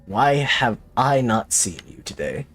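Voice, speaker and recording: A man's voice: medium pitch, sing-song, unhurried, over music. Jumpy man streaming a horror game. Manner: jumpy, talks to himself, jokey. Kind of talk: let's play commentary.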